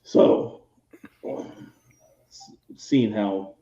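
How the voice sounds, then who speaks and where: Mellow-voiced man running a tabletop game. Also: mid-range voice, unhurried, echoey room, muffled recording. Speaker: game master.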